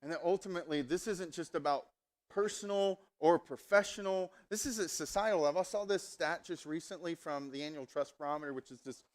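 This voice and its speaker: Animated, higher-voiced male pastor preaching. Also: fairly quick. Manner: conversational, animated storytelling. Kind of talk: sermon. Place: church service.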